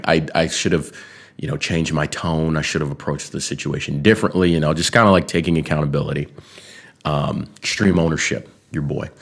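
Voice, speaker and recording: A young man chatting on a podcast, telling a rambling personal story full of fillers and restarts, often laughing as he talks. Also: low-pitched. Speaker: podcast talker. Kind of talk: casual storytelling chat.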